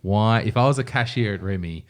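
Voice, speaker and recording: A man's voice: on the low side, brisk. A man co-hosting a casual podcast chat over beers, ranting emphatically and swearing freely. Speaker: podcast co-host.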